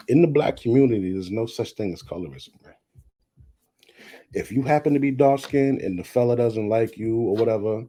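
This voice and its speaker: Blunt, husky-voiced man ranting casually. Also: mid-range voice, mellow. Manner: blunt, profane, worked up, repeats himself. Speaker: commentary vlogger. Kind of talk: casual commentary.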